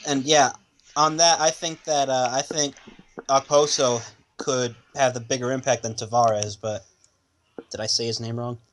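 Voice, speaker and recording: A man's voice: mid-range voice, fairly even intonation, moderate pace, a bit bright. Young male podcast co-host, talkative and jokey, remote mic with slight hiss. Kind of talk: casual hockey chat. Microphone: remote call mic.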